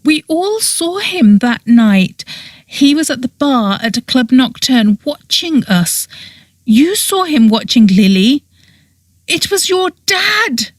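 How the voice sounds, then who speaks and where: A woman's voice: sits high, very animated, slow, no echo, voice pushed up, heavily acted. A woman reading an audiobook, voicing a frightened young woman who pleads near tears in a small, wavering voice. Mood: pleading. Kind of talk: audiobook character voice.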